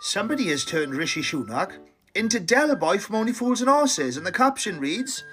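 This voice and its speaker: Welsh man, comic ranter, high-pitched, exasperated and sweary. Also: very animated, normal speed, loud music behind the voice. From Wales. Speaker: comedy video creator. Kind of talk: comic rant to camera.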